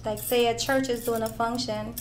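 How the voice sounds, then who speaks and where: A woman's voice: on the high side, flat delivery, normal speed, a little hiss or hum. A woman comedian with a Jamaican accent, answering interview questions in a playful, joking way. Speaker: stand-up comedian.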